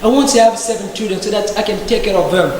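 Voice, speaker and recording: A man's voice: high voice, fast, darkish tone. Man, emphatic debater, indignant rhetorical questions; very reverberant hall, faint hiss. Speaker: debate participant. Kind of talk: impassioned speech in a discussion group. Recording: very echoey hall with faint background noise.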